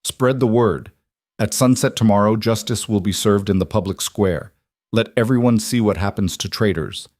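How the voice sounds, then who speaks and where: A man's voice: on the low side, darkish tone, no room sound, lightly acted. A man playing a stern werewolf king. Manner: stern, measured, authoritative. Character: commanding male werewolf king.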